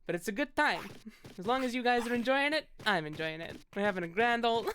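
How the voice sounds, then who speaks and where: A woman's voice: fairly high pitch, expressive, fast talker, fairly bright tone, a little hiss or hum. A woman streaming a video game, chatting with viewers in a playful put-on tough New York voice, laughing often. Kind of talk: casual gameplay commentary.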